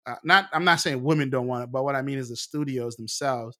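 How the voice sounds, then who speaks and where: A man in a casual chat about TV shows, relaxed and opinionated, often restarting his sentences. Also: mid-range voice, fairly quick.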